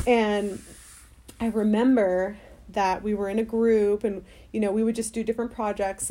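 A young woman co-hosts a podcast in relaxed, rambling chat, leaning on fillers as she tells a story. Her voice is mellow and warm, at a middle pitch. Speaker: podcast co-host. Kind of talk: casual chat.

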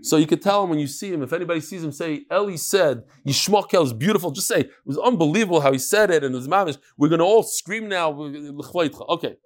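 Animated man teaching Talmud. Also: a little high, quick pace, few pauses. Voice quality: animated, storytelling with acted quotes and sudden loud punches. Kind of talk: lively Talmud lecture.

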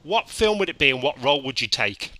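A man's voice: mid-range voice, very animated, fast, sharp tone, no echo. A man hosting a casual interview, asking questions with stumbling restarts. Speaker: host.

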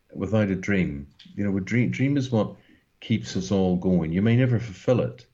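Deep-voiced Northern Irish man in his 60s. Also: warm tone, highs cut off. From Northern Ireland. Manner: earnest, emphatic, rambling. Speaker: guest broadcaster. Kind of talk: casual interview talk.

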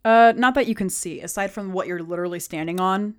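A woman narrating a tabletop game as game master, pausing often with ums. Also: medium pitch. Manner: halting, with many ums.

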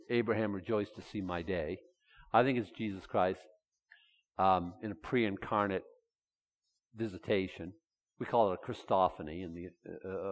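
A man, folksy and animated, acting out Bible figures in quick dialogue. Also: lowish voice, big-room sound. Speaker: pastor. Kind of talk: conversational sermon.

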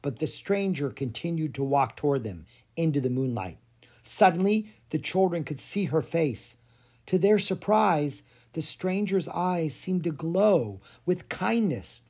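A storyteller reading a children's fantasy chapter book aloud. The delivery is expressive and animated, with pitch swinging widely. The voice carries a soft, breathy huskiness. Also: a little slow. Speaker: audiobook narrator. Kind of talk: storybook narration.

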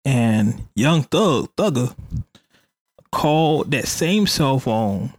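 A man's voice: mid-range voice, lively intonation, drawn-out words, dry recording. A man hosting a casual podcast, chatty and hedging, stopping often to say allegedly. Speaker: podcast host. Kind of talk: casual hip hop news chat.

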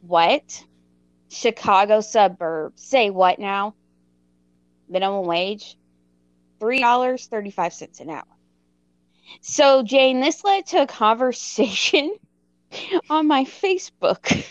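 A woman in her thirties, co-hosting a casual chat, telling a story in an animated, self-mocking way and laughing as she goes. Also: on the high side, takes it slowly, long pauses, no room sound. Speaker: podcast co-host.

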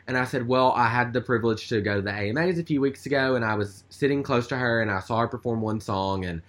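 A man's voice: mid-range voice, fast talker. A man telling a story in casual chat, rambling with lots of fillers. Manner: rambling, chatty, with many fillers.

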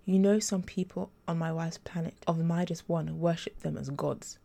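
Blunt half-human detective, pressing and urgent, a woman reading him. Warm, gravelly. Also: low-pitched, fairly even intonation, normal speed. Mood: lecturing. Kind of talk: audiobook character reading.

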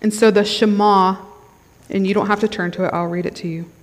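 A woman's voice: mid-range voice, steady tone, a little fast. A woman giving a conversational sermon at a conference, often checking in with the crowd. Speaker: conference speaker. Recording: long hall reverb.

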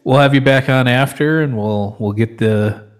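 A relaxed man hosting a podcast, chiming in with easygoing comments and jokes. His voice sits at an ordinary middle pitch for a man. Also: normal speed, clear, resonant tone. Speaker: podcast host. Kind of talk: casual chat.

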